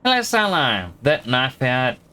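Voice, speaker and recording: A man's voice: medium pitch, huge pitch swings, a little slow, pushed and bright. A man with an Australian accent giving casual, joking commentary while streaming a game. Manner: chatty, joking, thinks aloud.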